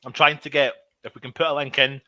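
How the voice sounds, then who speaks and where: Male fan host, running live match commentary, excitable and frustrated, tense bright tone. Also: mid-range voice, fast talker, no room sound. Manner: excitable, shouts at big moments, grumbles at players. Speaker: fan watch-along host. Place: at home.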